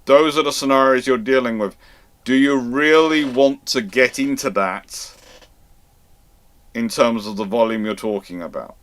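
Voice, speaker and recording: A man's voice: mid-range voice, measured pace, a bit bright, no echo. A man hosting a live-stream history lecture, explaining in a conversational, digressive way. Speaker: host.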